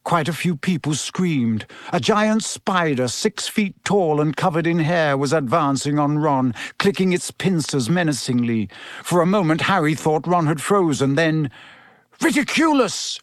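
A man's voice: on the high side, unhurried, dry recording, clean studio sound. A man reading a story aloud as scripted narration, delivering it expressively and slipping into voices for the characters.

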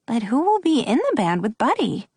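A woman's voice: on the high side, very animated, normal speed, darkish tone, husky, pitched above the performer's own voice, exaggerated voice. A matter-of-fact teen girl, as a woman reads her. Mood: doubtful. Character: sensible teenage girl, logical and careful.

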